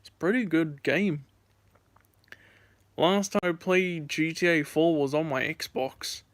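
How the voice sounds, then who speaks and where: A man's voice: a little high, takes it slowly, no echo. A young man streaming from home, telling gaming stories in a rambling, filler-heavy casual chat.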